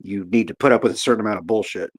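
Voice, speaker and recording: A man's voice: lowish voice, rapid-fire, no room sound, studio quality. A man co-hosting a casual livestream chat, laid-back and joking, with casual swearing. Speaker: livestream co-host.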